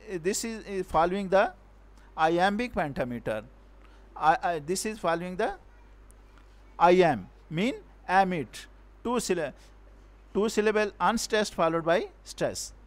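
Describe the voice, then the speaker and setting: High-voiced man teaching poetry meter. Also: expressive. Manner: halting, repeats and self-corrects words; non-native English grammar.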